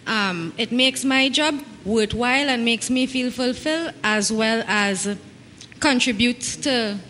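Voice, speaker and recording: A woman with a Trinidadian accent, a field officer on a studio panel, speaking in a measured way and searching for words. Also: on the high side, a bit bright. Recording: reverberant studio with faint noise.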